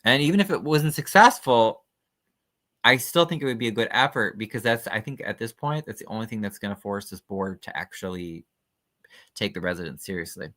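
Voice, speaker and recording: Man, livestream host, low pitch, bright forceful tone, skeptical, chatty, lots of fillers. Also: animated, brisk. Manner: skeptical, chatty, reads documents aloud with frequent fillers. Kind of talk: casual livestream commentary.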